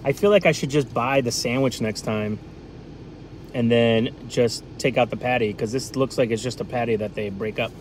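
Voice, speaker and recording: A man's voice: medium pitch, normal speed, a little hiss or hum. Chatty New man on a livestream. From New England. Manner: rambling, chatty, lots of fillers. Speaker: livestream food vlogger. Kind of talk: casual live-stream chat.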